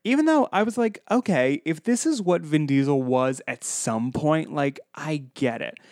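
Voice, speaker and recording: This podcast co-host has a fairly high, expressive voice with a darkish tone, speaking at a moderate pace. He talks casually about a movie and drifts into playful impressions of its lines, recorded dry with clean studio sound.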